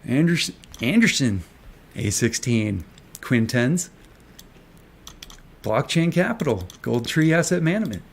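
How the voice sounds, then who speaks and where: A man's voice: mid-range voice, sing-song, a little slow, vocal fry, long pauses, husky. A man ranting on a live stream, angry and sarcastic, swearing and taunting with rhetorical questions. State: agitated. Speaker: stock market commentator.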